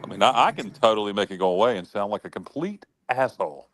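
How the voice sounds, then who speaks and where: A man with a Southern US accent, co-hosting a casual sports talk show in a jokey, animated way. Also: fairly low pitch, fast, slight background noise. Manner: animated, jokey, repeats words when worked up.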